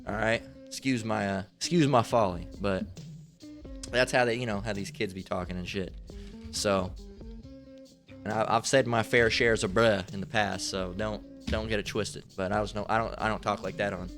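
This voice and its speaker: A man's voice: lowish voice, steady tone, normal speed, a bit bright, soft background music. Rambling, cussing man giving a Bible talk. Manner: rambling, slangy, swears freely. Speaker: lay Bible teacher. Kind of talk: casual profane Bible lesson.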